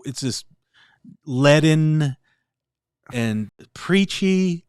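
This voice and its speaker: A man's voice: fairly high pitch, lively intonation, very slow, a little mellow, smooth, no room sound, clean studio sound. A man co-hosting a podcast, talking critically in casual chat with a lot of filler words. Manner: critical, hedging with many fillers. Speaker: podcast co-host.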